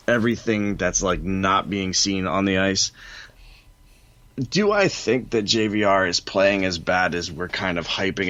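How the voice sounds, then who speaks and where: A man's voice: low-pitched, fairly bright tone, no room sound. A man co-hosting a casual sports podcast, ranting bluntly and dismissively. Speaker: podcast co-host. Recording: dull, dry lo-fi sound.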